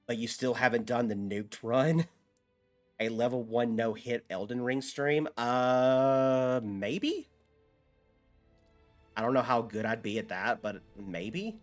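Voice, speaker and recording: A man's voice: mid-range voice, takes it slowly, soft background music. A man streaming a video game, chatting loosely with his viewers and swearing freely as he plays. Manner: loose and rambling, swears freely, talks back to chat. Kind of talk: casual live-stream chat while gaming.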